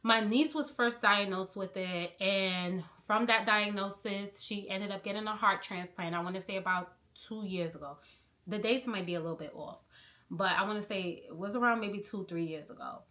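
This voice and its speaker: A woman's voice: medium pitch, moderate pace, bright, forceful tone. A young woman vlogging casually to camera, chatty and playful, talking straight to her viewers. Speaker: vlogger, travel content creator.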